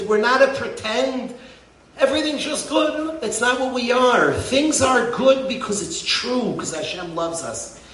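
A man, a rabbi who heads a yeshiva, giving an impassioned sermon that swings between hushed and raised passages. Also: high voice, distant mic, a little hiss or hum. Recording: echoey room, voice off-mic.

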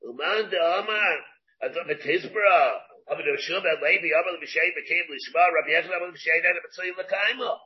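Guy giving a talmud shiur, kinda high voice, dull muffled recording, keeps asking and answering himself. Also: brisk. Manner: argues aloud with himself in question and answer. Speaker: Talmud teacher. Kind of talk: Talmud class lecture.

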